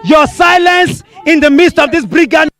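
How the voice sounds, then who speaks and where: Nigerian guy giving a protest speech outdoors, really high voice, crowd faintly behind him. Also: normal speed. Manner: forceful, declaiming, repeating lines for emphasis. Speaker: protest leader.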